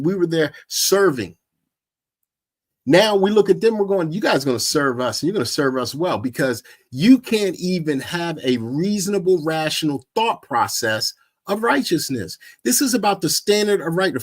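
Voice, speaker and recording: A man preaching in a loose, storytelling way, animated and mocking, often acting out what others said. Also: high-pitched. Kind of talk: informal sermon with storytelling.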